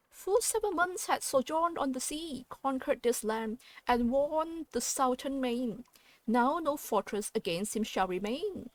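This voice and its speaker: A woman's voice: high voice, no room sound, voice pushed up. A woman putting on a grand guinea pig seneschal with a fancy accent. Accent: put-on weird fancy accent. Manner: theatrical, lofty and declaiming.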